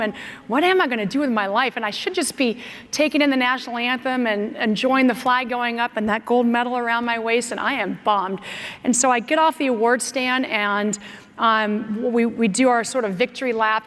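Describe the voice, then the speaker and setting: In an echoing conference hall, a U.S. keynote speaker with a voice on the high side delivers a motivational storytelling speech. Lively throughout, she acts out her own dialogue and others', and the large hall gives the recording a long reverb.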